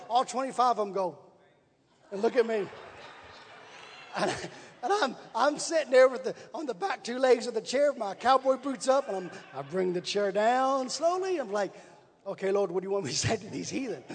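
A man's voice: very high voice, breathy edge. A man preaching, telling a folksy story with repetition and building emphasis. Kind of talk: sermon storytelling. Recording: long reverb in a large hall.

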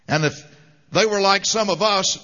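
High, bright-voiced fervent male preacher. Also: normal speed. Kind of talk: sermon. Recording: dull lo-fi sound with long hall reverb.

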